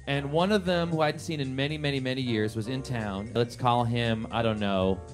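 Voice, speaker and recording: A man's voice: medium pitch, moderate pace, music in the background. A man telling a comedic true story to a live audience, acting out the quoted voices. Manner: animated, acts out quotes in big voices.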